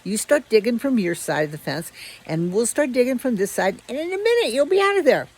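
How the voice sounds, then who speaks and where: A woman's voice: mid-range voice, lively intonation, moderate pace, darkish tone, slightly rough. A woman voicing a pair of scruffy stray male dogs who coax and tease in a told story. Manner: coaxing and teasing.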